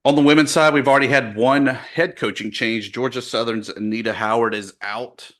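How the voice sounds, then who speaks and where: A man's voice: mid-range voice, steady tone, normal speed, a bit bright. A man co-hosting a casual sports podcast, running through scores and news in a dry, matter-of-fact way. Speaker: podcast co-host.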